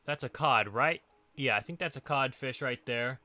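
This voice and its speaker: Bright-voiced man chatting through a game. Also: mid-range voice, normal speed, no echo. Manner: chatty, easily surprised, laughs often. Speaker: gaming channel host. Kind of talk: casual let's play commentary.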